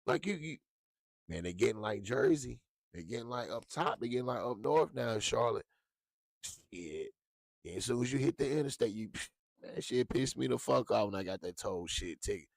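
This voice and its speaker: A man hosting a casual talk show, ranting with lots of profanity and animated swings into high yelps. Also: normal speed, gravelly, no room sound, studio quality. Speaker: show host.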